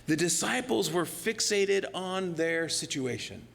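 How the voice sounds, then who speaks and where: Gravelly-voiced male pastor in an echoey sanctuary. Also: high voice, expressive, unhurried. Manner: earnest and personal, dropping to soft near-whispers for emphasis. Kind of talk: sermon. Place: church sanctuary.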